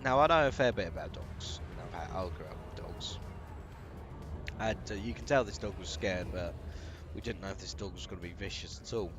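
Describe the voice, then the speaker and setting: A British man with a lowish voice chats his way through a rambling story while he plays, full of fillers and soft chuckles. The game's music plays clearly underneath him. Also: a little fast. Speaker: streamer. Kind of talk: casual storytelling while gaming.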